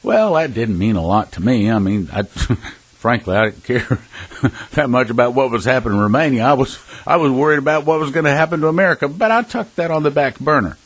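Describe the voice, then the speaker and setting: A man's voice: mid-range voice, lively intonation, a little fast, no room sound, rough recording. A man giving an earnest, emphatic preaching talk, telling personal stories and addressing listeners as brothers and sisters. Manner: earnest, emphatic, with scattered restarts and chuckles. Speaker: prophecy ministry speaker.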